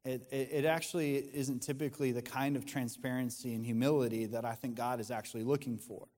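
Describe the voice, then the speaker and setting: A pastor preaches in an earnest, conversational way, often stopping and starting his sentences as he thinks aloud. His voice sits at an ordinary middle pitch for a man. The sound carries the long reverb of a church hall. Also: steady tone, fairly quick, a little mellow. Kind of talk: sermon.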